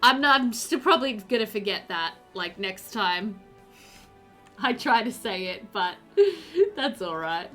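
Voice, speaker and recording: Soft background music plays as a woman speaks unhurriedly, medium pitch, pushed and bright, with lively intonation. This game streamer casually answers her live chat while playing, her speech packed with ums and likes.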